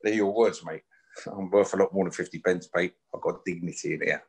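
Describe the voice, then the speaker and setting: A man's voice: low-pitched, steady tone, brisk, vocal fry, slightly rough. A man talks bluntly as a guest in a casual chat. He swears freely and keeps a challenging, confrontational edge throughout. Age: 50s.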